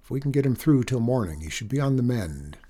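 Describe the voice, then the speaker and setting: A man reading a story, voicing an older silver-haired country doctor who speaks in a steady, reassuring way. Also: mid-range voice, quick pace. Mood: calm.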